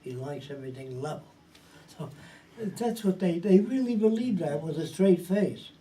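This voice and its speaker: A man's voice: sits high, animated, normal speed, mellow. A man giving an informal talk to a small group. He speaks in a blunt, profane, emphatic way and keeps asking whether his listeners understand. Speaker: lecturer. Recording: distant mic with faint background hiss.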